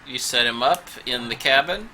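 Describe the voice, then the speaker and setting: A man narrating a tabletop game as game master, unhurried and hesitant with fillers. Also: mid-range voice, lively intonation, bright, forceful tone, a little hiss or hum, poor audio.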